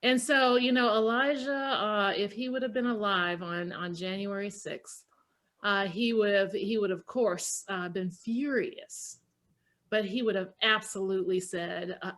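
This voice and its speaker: A middle-aged woman speaking as a guest, giving passionate, emphatic political remarks that rise to forceful peaks. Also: medium pitch, fairly even intonation, unhurried.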